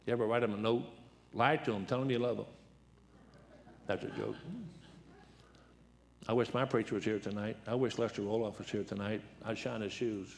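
A man's voice: fairly low pitch, steady tone, moderate pace, pauses often, slight background noise. A seventy-year-old man preaching a folksy sermon in a church, joking and telling anecdotes in a worn, dried-up voice. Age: 70s. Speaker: guest preacher.

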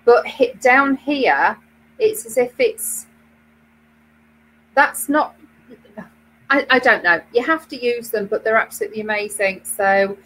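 A woman's voice: fairly high pitch, unhurried, long pauses, a bit bright, low-quality recording. A British woman co-hosting a knitting web show, chatting casually with many fillers and restarts. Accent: British English. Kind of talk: casual chat.

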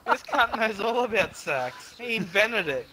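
A man's voice: high-pitched, sing-song, measured pace, a crowd in the background. An Australian man in game voice chat, telling a crude, rambling story between laughs. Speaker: gamer in party chat. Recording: noisy voice chat line.

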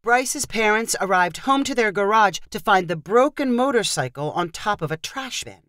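Woman, storyteller, lively melodic delivery, dry close-mic sound, scripted narration. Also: medium pitch, normal speed, no echo. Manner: expressive storytelling, lively intonation.

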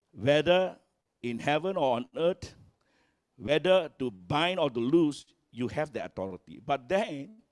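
A male pastor preaches in a slow, deliberate way, pausing often and leaning hard on key words. His voice sits a little high and swings in pitch and volume as he acts out the quotes. The sound is close and dry. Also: no echo. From Malaysia. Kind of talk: sermon. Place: church.

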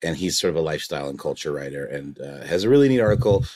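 A man's voice: a bass voice, lively intonation, racing, warm tone. A man co-hosting a podcast, talking casually and rambling, with many fillers and restarts, often amused. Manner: amused, chuckling. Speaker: podcast co-host.

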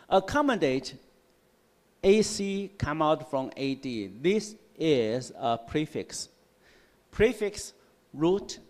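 Guy teaching english roots in class, slow and repetitive, keeps asking "right?", kinda high voice, echoey hall. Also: a little mellow. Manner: slow, repetitive explaining with frequent "right?" and "okay?". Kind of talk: classroom lecture on word roots. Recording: long hall reverb in a classroom.

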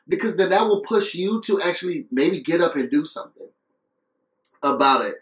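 A man's voice: a little high, lively intonation, fairly quick, fairly bright tone, roomy sound, rough recording. A man talking earnestly in a casual vlog review, coughing between phrases and repeating himself for emphasis. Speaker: video reviewer.

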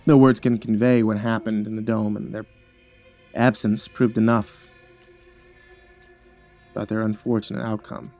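A man's voice: lowish voice, flat delivery, measured pace, pauses often, darkish tone. Somber male horror narrator. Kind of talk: scripted horror story narration. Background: faint music.

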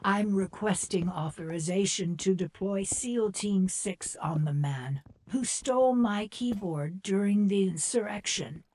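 A woman voicing an older female lawmaker who formally addresses Congress with a husky voice. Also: medium pitch, measured pace, few pauses, a little mellow, natural voice.

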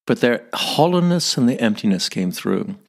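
A man in his fifties with a Northern Irish accent, a podcast guest telling stories with animated delivery, often repeating words as he searches. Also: mid-range voice, normal speed, vocal fry. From Northern Ireland. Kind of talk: storytelling interview.

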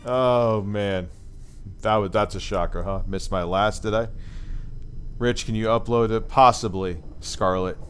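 A man's voice: fairly low pitch, fairly even intonation, unhurried, fairly bright tone, soft background music. A man hosting a casual livestream, reading super chats and ranting sarcastically with a lot of swearing. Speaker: livestream host.

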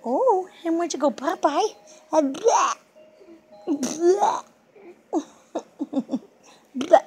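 Older woman, grandmother, very high sing-song baby talk, slow and coaxing, phone recording. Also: expressive, darkish tone, faint music behind. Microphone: phone held while filming.

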